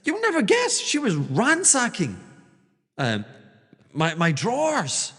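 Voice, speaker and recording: A man doing a frantic squeaky stockbroker. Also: wildly swooping pitch, takes it slowly, fairly bright tone, slightly rough, long reverb tail, exaggerated voice. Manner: breathless, rambling, stammering. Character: frantic excitable male stockbroker.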